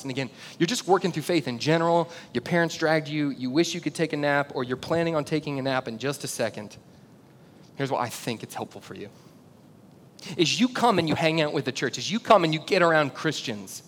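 A male pastor giving a sermon, telling a story with big swings from loud shouts to low, quiet emphasis. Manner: animated storytelling, builds to shouts then drops low and intimate. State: out of breath. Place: church auditorium. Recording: long hall reverb, faint rumble.

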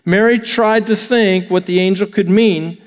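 A man's voice: high voice, fairly even intonation, a little slow, big-room sound. A man preaching a sermon, reading scripture aloud and then riffing on it in a conversational, joking way. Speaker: pastor.

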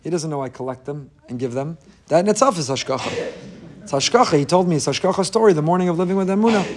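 A man's voice: fairly high pitch, lively intonation, quick pace, crowd noise. A man giving an impassioned daily religious talk as a rabbi, emphatic and repeating phrases for stress, with Hebrew and Yiddish terms in his English.

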